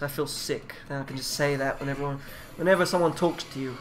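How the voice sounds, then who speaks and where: Guy mumbling thru japanese phrases at his computer, kinda high voice, faint music behind. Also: steady tone, brisk, gravelly, few pauses. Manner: rambling, swears, mumbles while reading aloud. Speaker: vlogger. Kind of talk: casual self-taught language study.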